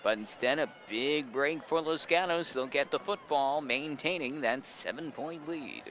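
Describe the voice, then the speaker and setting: A young man calling high school football play-by-play from an outdoor press booth, excitable on big plays. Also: measured pace. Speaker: play-by-play announcer. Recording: outdoor stadium with band music behind. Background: marching band music.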